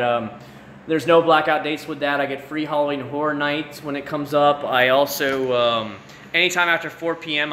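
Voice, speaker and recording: Chatting late at night on his livestream, a man in his thirties rambles casually and talks to viewers by name. His voice is mid-range with a sharp tone. There's a roomy echo and faint room noise.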